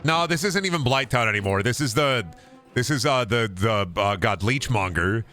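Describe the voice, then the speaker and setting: A man's voice: medium pitch, expressive, normal speed, pushed and bright, faint music behind. A man streaming a game, rambling through sarcastic, profane riffs and slipping into goofy voices for bits. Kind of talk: casual gameplay commentary.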